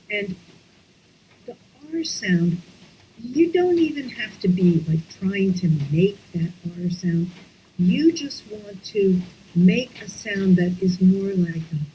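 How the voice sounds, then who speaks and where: A woman leading a guided breathwork lesson over a video call, speaking softly and often dropping into whispers. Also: medium pitch, expressive, slight background noise, poor audio. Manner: slow, soft-spoken, often drops into whispers. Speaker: somatics teacher.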